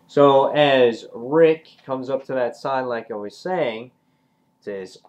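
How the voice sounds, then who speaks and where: A man's voice: medium pitch, slow, darkish tone. A young man giving a casual, rambling comic book review, swearing freely.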